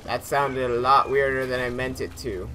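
Young male gamer, chatty and rambling, bright forward tone. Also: mid-range voice, fairly even intonation, normal speed, soft background music. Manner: chatty, rambling, yelps when startled. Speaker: gaming YouTuber. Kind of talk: casual let's play commentary.

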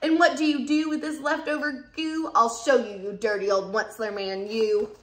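A woman's voice: fairly high pitch, steady tone, normal speed, fairly bright tone, natural voice. A woman voicing a fussy little male forest creature who snaps and scolds. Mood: scolding. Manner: snappish, scolding. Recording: roomy echoey room.

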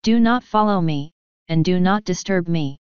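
A proud, cornered elder princess from a storybook, defensive and quavering, voiced by a woman reading aloud. Her tone is low and very smooth. The sound is dry and dull. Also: moderate pace, dry recording, close to an everyday voice. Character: proud, desperate elder princess mare, secretive. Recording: dull lo-fi recording.

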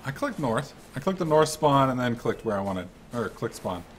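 A man giving casual commentary over his own gameplay, excitable and swearing freely. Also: medium pitch, normal speed, slight background noise. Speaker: let's-play gamer.

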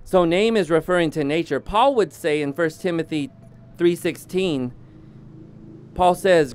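A man preaching a sermon as pastor, slow and deliberate, often restarting his sentences. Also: fairly high pitch, darkish tone, clear, resonant tone.

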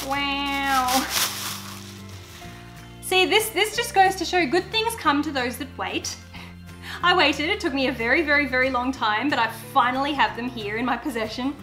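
Gushing, bright-voiced young woman vlogger. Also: high voice, a little slow, pauses often, soft background music. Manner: gushing and excitable, squeals over items. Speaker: YouTuber. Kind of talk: casual unboxing vlog chat.

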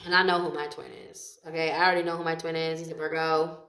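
Lady doing a chill tarot reading, kinda low voice, swears a lot, laughs, echoey room. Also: flat delivery, fast talker, fairly bright tone. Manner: chatty, swears freely, laughs often. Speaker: tarot reader.

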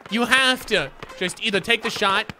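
A man streaming a video game, talking to chat with frustration, swearing and yelling at the screen. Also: sits high, normal speed, slight background noise. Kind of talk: gaming livestream commentary. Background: game music.

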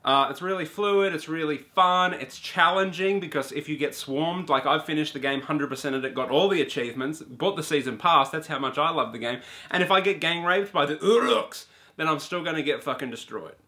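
A man's voice: a little high, fairly quick, pushed and bright. A man giving a casual spoken video game review in an offhand, enthusiastic manner with some swearing.

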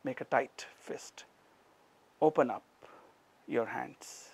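A middle-aged man with an Indian accent, teaching a yoga class and calmly cueing each breath and movement step by step. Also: medium pitch, takes it slowly, gravelly, slightly rough. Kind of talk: guided yoga class instruction.

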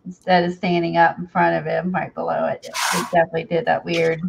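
A woman's voice: lowish voice, level tone, fast talker, creaky, noisy background. A woman hosting a craft video, chatting casually while she paints, rambling and restarting her thoughts, recorded on a camera mic from below. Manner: rambling, trails off, many restarts. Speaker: craft channel host.

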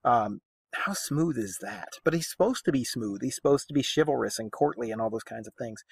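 Man, casual literature lesson, lively pitch, chatty, rhetorical questions, dry close sound. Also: brisk, vocal fry, slightly rough, dry recording.

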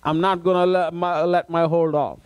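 A man's voice: on the high side, little pitch movement, moderate pace, smooth. A man preaching a sermon as a pastor, reading scripture aloud and repeating phrases with emphasis. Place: church.

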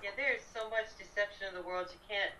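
A woman's voice: medium pitch, fast, pushed and bright, a little hiss or hum, rough recording. An American woman chatting as a guest, playful and giggly. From United States. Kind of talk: casual chat.

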